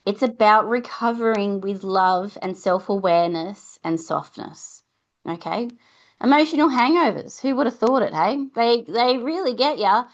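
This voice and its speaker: A woman's voice: a little high, normal speed, dull audio. A woman hosting a podcast, talking casually and giving reassuring advice to mums, sometimes acting out little conversations with a child. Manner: chatty, warm reassurance, acts out mum-and-child exchanges. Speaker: podcast host.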